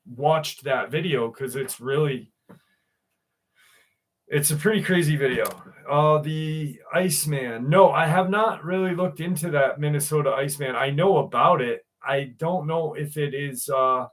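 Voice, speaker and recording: A man with a mid-range, slightly bright voice chats casually on a livestream panel, rambling through a story packed with fillers and swearing.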